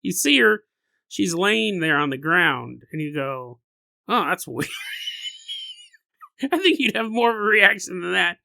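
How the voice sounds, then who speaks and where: A male podcast host telling a story casually on a close mic, animated and laughing often as he riffs. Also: high voice, normal speed, gravelly, dry recording.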